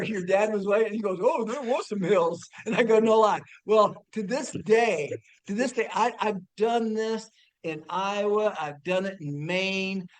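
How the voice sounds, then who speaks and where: High-voiced man telling a lively story. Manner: animated, laughing, stumbling restarts, bursts of shouting. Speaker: family friend telling a story. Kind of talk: casual storytelling.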